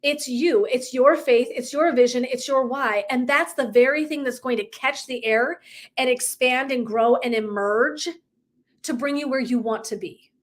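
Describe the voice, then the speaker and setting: A wellness and life coach delivers a live motivational talk at a measured pace in a high voice. She's emphatic and profane, laughs a lot, and performs little dialogues.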